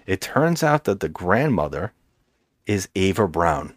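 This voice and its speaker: Male podcast host, deep and very animated, meandering recap style, dry sound. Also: unhurried, no room sound. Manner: rambling, hesitant storyteller with many restarts. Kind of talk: casual movie recap chat.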